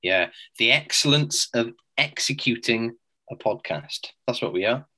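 Bright-voiced man in his forties. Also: mid-range voice, lively intonation, measured pace, poor audio. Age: 40s. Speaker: podcast co-host. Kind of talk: casual chat.

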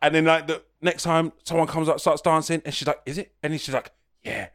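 A man's voice: fairly high pitch, fairly even intonation, a little fast. A man co-hosting a podcast, telling a chatty story in casual chat and acting out the quotes. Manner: chatty, acts out quotes as he tells stories. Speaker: podcast co-host.

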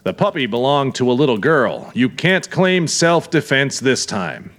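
A man's voice: medium pitch, very animated, a little slow, fairly bright tone, pitched above the performer's own voice. A man doing a firm, blunt young cop. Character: calm, firm young male small-town police officer. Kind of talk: audiobook character voice.

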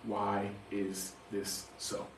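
Animated male pastor preaching in a roomy church. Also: lowish voice, creaky. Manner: animated, sarcastic humor, quick asides to the congregation. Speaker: guest pastor. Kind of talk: sermon. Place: church sanctuary. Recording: roomy church hall, mic at a distance, faint background noise.

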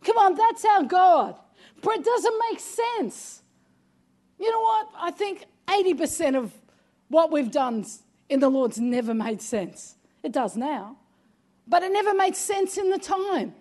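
A woman's voice: very high-pitched, lively intonation, measured pace, a little mellow. A woman preaching a sermon with emphasis, often saying "come on" and raising her voice. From Australia. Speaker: pastor.

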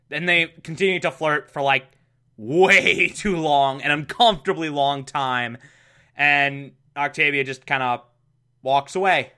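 A man recaps a TV episode with slow, unhurried delivery and a wry, amused tone. His voice is bright and a little high for a man. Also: clean tone.

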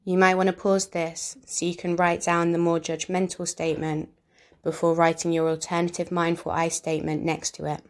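A woman reads a scripted lesson in a calm, measured way. Her voice sits low and stays flat, with little rise or fall. She explains each point plainly and steadily. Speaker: instructor. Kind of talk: scripted instructional narration.

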